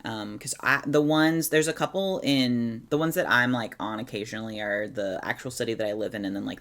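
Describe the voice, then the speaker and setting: A woman's voice: a bass voice, a bit bright. A woman chatting casually on a live stream, reading chat aloud and giving organizing tips with sarcastic asides. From Oregon, USA.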